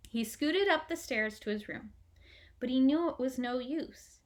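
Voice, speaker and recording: A woman narrating a children's book aloud in a gentle, expressive way. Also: high-pitched, unhurried. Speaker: audiobook reader. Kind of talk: storybook narration.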